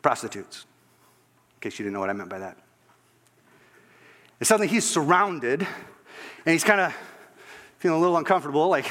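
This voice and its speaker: Man preaching, fairly high voice, acts out voices in the story, long reverb. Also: lively intonation, moderate pace, long pauses. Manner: acts out the story's voices, dropping to a hush at the end. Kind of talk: sermon storytelling.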